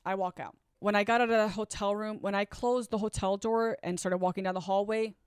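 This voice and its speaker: Woman vlogger, candid storyteller, blunt and conversational, smooth voice, dry close sound. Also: medium pitch, steady tone, brisk, no room sound. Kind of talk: personal storytelling.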